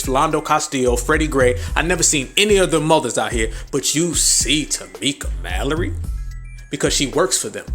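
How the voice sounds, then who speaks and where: A man's voice: on the high side, fairly bright tone. Angry, profane man hosting a podcast. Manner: angry, profane, mocking, with sarcastic mimicry. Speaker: podcast host. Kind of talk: heated political commentary.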